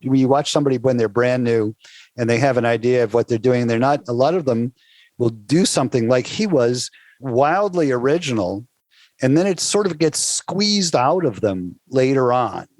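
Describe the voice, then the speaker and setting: A man thoughtfully recalling a fellow comedian in an interview, measured and halting, with many restarts. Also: mid-range voice, animated, a little mellow, dry recording. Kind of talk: reflective oral-history recollection.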